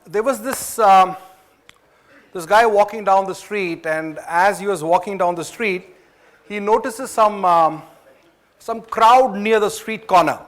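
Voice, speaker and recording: An Indian man with a high, fairly bright voice and an Indian English accent gives a motivational talk at a management training event. He tells his story conversationally, pausing with fillers and checking in with the audience through quick questions.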